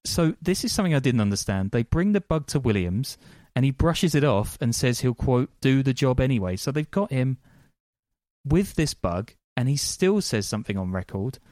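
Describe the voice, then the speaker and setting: A man's voice: medium pitch, very animated, normal speed, a little mellow, no echo, studio quality. A male podcast host telling a crime story in casual chat, with lots of ums and frequent laughs.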